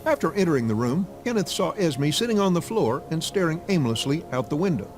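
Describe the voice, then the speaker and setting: A man reading a story game aloud as a let's play narrator, with an expressive delivery. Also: on the high side, a little fast, faint music behind.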